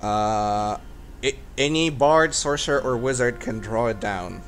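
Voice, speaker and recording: A man acting as dungeon master, explaining rules with frequent pauses and restarts. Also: mid-range voice, a bit bright, soft background music. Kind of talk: running a tabletop game.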